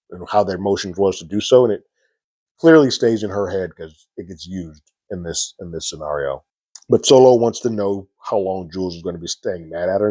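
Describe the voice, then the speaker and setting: A man talks through a TV episode in a loose, rambling recap, full of ums and likes as he paraphrases scenes. His voice sits low with a husky edge. The sound is dry and close. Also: dark tone, dry recording. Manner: conversational, filler-heavy, paraphrases scenes. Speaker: TV episode reviewer. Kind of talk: casual spoken episode recap and review.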